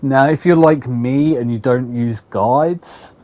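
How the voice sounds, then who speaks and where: A man's voice: medium pitch, slow pace, darkish tone, highs cut off. Sarcastic man reviewing games. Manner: sarcastic, playful, laughs often. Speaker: gaming video host. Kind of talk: casual game review commentary.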